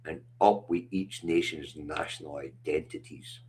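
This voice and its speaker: A man's voice: very deep voice, fairly even intonation, normal speed, hardly any pauses, darkish tone. A middle-aged Scottish man hosting a livestream, talking bluntly and passionately with lots of swearing. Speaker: livestream host. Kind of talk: casual chat.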